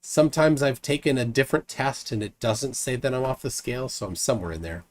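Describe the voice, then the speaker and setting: A man's voice: medium pitch, fast talker. A married man hosting a live stream, chatting casually and reading out viewers' comments, with many restarts and fillers. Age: adult, married. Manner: rambling with frequent restarts and fillers.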